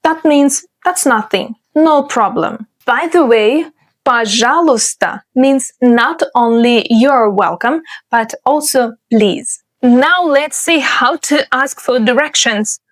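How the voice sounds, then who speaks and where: Slow, careful woman language teacher. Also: high voice. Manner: slow, careful modelling of words. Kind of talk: explanatory online lesson.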